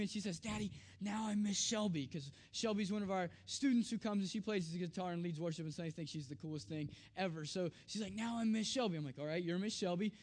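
High-voiced man telling a sermon story. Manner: animated, acts out his daughter's lines in a raised voice; drops to a soft, low voice on tender and reflective lines.

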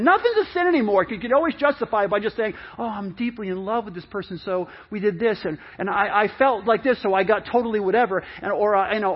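A man's voice: sits high, lively intonation, brisk, hardly any pauses, slightly rough, highs cut off. A middle-aged man preaching a sermon in a conversational way, with many repeats and restarts, acting out people's excuses. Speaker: pastor.

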